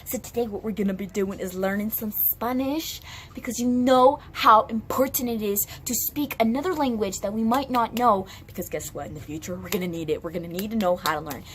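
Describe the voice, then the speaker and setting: A woman's voice: medium pitch, fairly quick, slight background noise. A woman hosting a casual video in a bubbly, playful manner. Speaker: video host.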